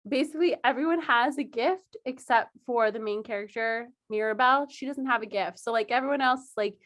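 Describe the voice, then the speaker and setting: A young woman co-hosting a podcast, telling stories in an animated way and acting out the people she quotes, with frequent laughter. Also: a little high, brisk. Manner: animated storytelling, acts out quoted voices, laughs often. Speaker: podcast co-host. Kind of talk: casual chat.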